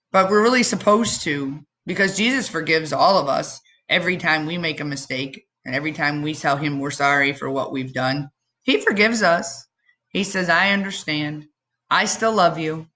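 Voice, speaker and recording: A woman giving a children's message in church, telling the story expressively with dramatic pauses and questions to the kids. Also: low voice, fairly bright tone.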